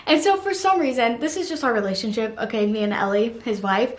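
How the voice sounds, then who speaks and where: A woman's voice: a little high, brisk. A young woman telling a story to camera in a casual, chatty way, with lots of "like" and giggly asides. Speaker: vlogger. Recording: roomy echo.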